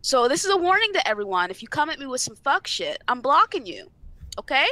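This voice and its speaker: A woman's voice: high-pitched, sing-song, fairly quick, bright, forceful tone, dry recording. A young woman on a casual podcast, ranting animatedly and swearing freely. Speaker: podcast co-host.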